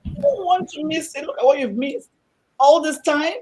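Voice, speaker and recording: A woman hosting a talk show, speaking in an animated, exhortative way to her audience. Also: high-pitched, moderate pace, low-quality recording. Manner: animated and exhortative, acting out quoted voices. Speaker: host.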